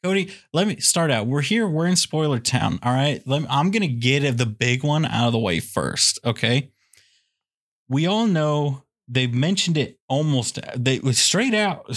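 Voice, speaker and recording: A man with a mid-range voice chatting loosely on a movie podcast. He rambles and jokes, piling one gag onto the next in an animated storytelling manner. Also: mid-range voice. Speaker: podcast co-host. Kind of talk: casual movie review chat.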